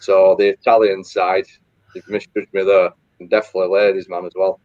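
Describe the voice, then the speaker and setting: A man's voice: low-pitched, little pitch movement, fairly quick, darkish tone, dry recording, highs cut off. A man, a guest fan on a video call, chatting with dry, self-mocking humour. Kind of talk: casual chat.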